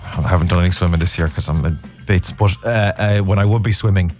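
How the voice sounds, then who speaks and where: A man's voice: low voice, quick pace, a little mellow, faint music behind. An Irish man hosting a radio show, chatting casually and joking at his own expense. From Ireland. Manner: chatty, jokey, self-deprecating. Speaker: radio host.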